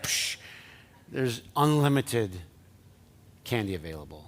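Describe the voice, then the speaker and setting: Man, pastor, sermon, conversational, gravelly, soft hushed asides. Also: mid-range voice, moderate pace, long pauses. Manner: conversational preaching that drops to soft, near-whispered lines.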